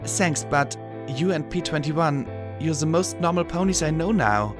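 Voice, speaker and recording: A man's voice: a little high, lively intonation, unhurried, over music, voice pushed up. A man voicing a blunt young female pony mechanic with a teasing tone.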